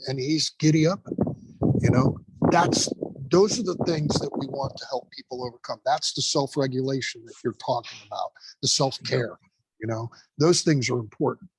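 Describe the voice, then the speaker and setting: Husky-voiced man telling stories emphatically. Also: medium pitch, normal speed, low-quality recording. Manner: emphatic, profane, animated storyteller. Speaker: guest, fire training instructor. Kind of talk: casual podcast storytelling.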